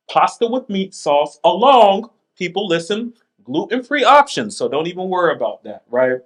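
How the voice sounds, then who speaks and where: A man hosting a casual chat, reading items aloud with playful asides and laughs. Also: high voice. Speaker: podcast host.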